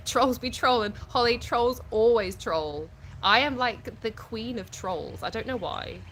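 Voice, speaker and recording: A woman's voice: fairly high pitch, lively intonation, a little slow, a bit bright, a little hiss or hum. A British woman from the UK hosting a casual live stream at home, reading viewer comments aloud and answering them frankly, often laughing. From United Kingdom.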